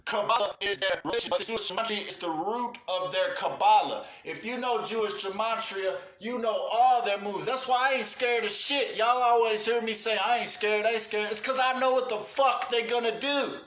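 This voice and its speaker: A man's voice: high voice, moderate pace, few pauses, a bit bright, echoey room. A man ranting on a livestream with profane urgency, calling out cowards and praising his viewers. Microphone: livestream setup.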